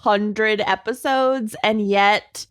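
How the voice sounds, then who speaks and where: A woman co-hosting a podcast, steering the segments with an unhurried dry humor. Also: medium pitch, fairly even intonation, a bit bright, clear, resonant tone, no room sound. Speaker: podcast co-host. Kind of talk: casual chat.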